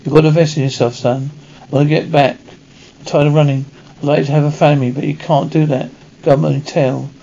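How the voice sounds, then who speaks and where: A man voicing an older male priest, gentle and fatherly, on a dull lo-fi recording. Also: a little high, level tone, a little fast, vocal fry, slight background noise. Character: old male priest mentoring an orphan.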